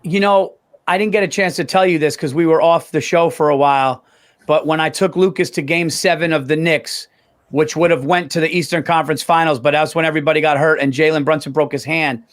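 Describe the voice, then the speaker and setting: High-voiced man rambling through a story. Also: steady tone, a little fast. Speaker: podcast co-host. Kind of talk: casual sports chat.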